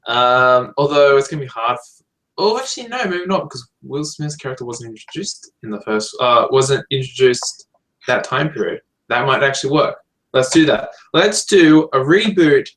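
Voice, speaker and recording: Man, casual film podcast chat, eager, thinking aloud, mid-pitched. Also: animated, moderate pace, a bit bright, poor audio.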